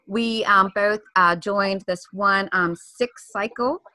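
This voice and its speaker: A woman with a Maryland accent talks casually as a podcast co-host. Her tone is bright and forward, and the sound is dry and close. She rambles cheerfully from topic to topic and apologizes for it often. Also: medium pitch, takes it slowly, dry recording. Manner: chatty, hops between topics, apologizes often. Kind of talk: casual chat.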